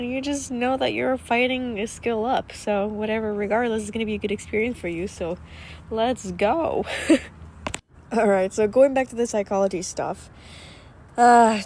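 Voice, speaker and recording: A young woman speaks at an ordinary middle pitch in a loose vlog style. She rambles, repeats words and leans on fillers as she talks. A faint hiss of noise sits behind her voice. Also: warm tone. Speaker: vlogger and coach. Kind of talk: casual vlog talk.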